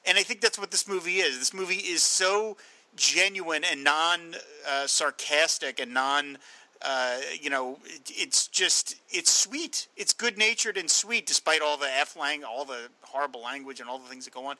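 Man, fairly high voice, very sharp and bright, opinionated, hedging a lot. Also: normal speed, rough recording. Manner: opinionated, hedging with "I mean" and "kind of". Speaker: podcast panelist. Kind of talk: casual film discussion.

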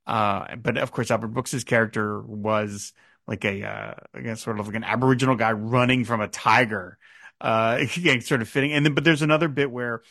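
A man in his fifties talks over a song on his podcast with a gravelly, creaky voice. He muses aloud, restarting sentences and filling pauses with "uh". The sound is dry and close, with no room echo. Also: mid-range voice, fairly even intonation, bright, forceful tone. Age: 50s. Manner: musing, with many fillers and restarts. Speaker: podcast host. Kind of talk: casual podcast talk about a song.

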